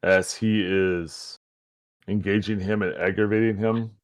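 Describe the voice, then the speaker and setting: A man playing a tabletop game, easygoing and quick to laugh. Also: fairly low pitch, steady tone, no room sound, studio quality. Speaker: player. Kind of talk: casual tabletop game chat.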